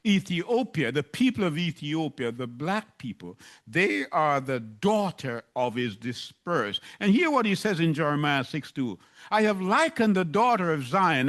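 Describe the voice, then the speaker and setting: A man's voice: a little high, very animated, moderate pace, hardly any pauses, a bit bright. A man preaching a sermon, reading scripture aloud and asking his listeners rhetorical questions.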